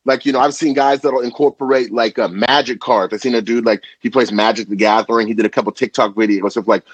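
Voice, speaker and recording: A man who makes food videos, a guest on a podcast, talking in an animated and slangy way, full of filler words. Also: medium pitch, a little fast, hardly any pauses, slightly rough, no echo. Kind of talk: casual conversation.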